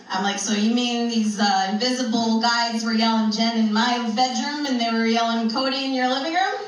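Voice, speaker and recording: This spiritual speaker's voice is a little high with fairly even intonation and a normal speed. She tells a funny spiritual story conversationally, with frequent laughs between lines, and the recording comes from a distant mic in a very echoey room.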